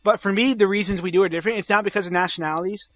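A man's voice: high-pitched, fairly even intonation, very fast, no echo. A man with an American accent chatting casually, teasing and laughing often. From Chicago, United States. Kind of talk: casual chat. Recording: dull lo-fi sound.

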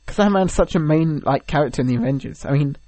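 A young man with a slightly high voice talks in casual chat, rambling and piling up "like"s as he spins out his stories. The sound is dry and close, with no room around it. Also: fast, no echo. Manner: rambling, animated storytelling with many "like"s.

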